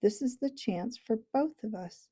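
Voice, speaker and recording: A woman's voice: on the high side, animated, unhurried, warm tone, breathy edge, voice pushed up. A woman voicing a proud, bossy talking male warhorse in a storybook reading, lecturing in a haughty manner.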